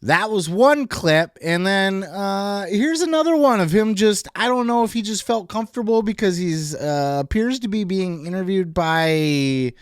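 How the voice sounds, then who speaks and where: A man's voice: high-pitched, smooth, dry recording. A man hosting a clip show, giving dry, sarcastic commentary between clips.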